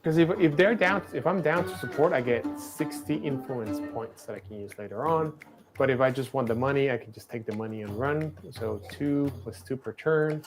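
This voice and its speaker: A man casually co-hosting a livestream, playfully and excitably talking through a strategy game. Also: medium pitch, normal speed, music in the background.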